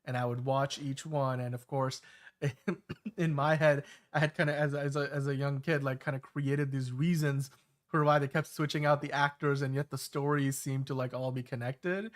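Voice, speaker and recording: A man's voice: medium pitch, flat delivery, moderate pace. A man in his thirties hosting a casual podcast chat, talking in a rambling way with many fillers and restarts. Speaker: show host.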